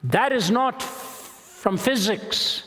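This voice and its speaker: An older man from India giving an emphatic, deliberate public lecture as a Christian apologist. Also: high voice, animated, sharp tone, slight background noise. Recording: long reverb of a large hall.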